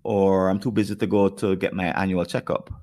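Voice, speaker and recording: On a podcast, a Jamaican-accented man with a deep, slightly mellow voice thinks aloud in a flat delivery. His speech comes in halting restarts as he works through ideas thoughtfully.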